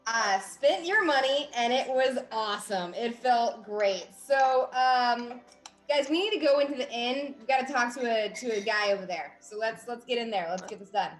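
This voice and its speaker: High-voiced gleeful woman player, echoey room with faint music. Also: normal speed. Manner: loud, gleeful. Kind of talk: in-character tabletop role-play.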